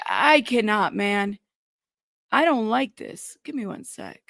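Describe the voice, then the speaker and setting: A woman's voice: medium pitch, expressive, unhurried, creaky, dry recording, clean studio sound. A woman hosting a casual live stream, upset and a bit scattered as she greets viewers and fumbles with her screen.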